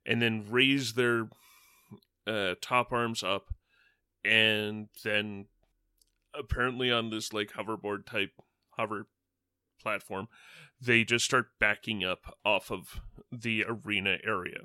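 Brief: male game master, slow and measured narration, bright, crisp voice. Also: lowish voice, fairly even intonation, no room sound, studio quality. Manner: measured, descriptive, with frequent fillers.

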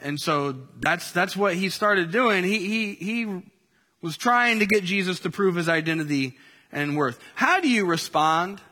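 Man preaching a sermon, high bright voice, conversational with fillers, reverberant hall. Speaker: pastor.

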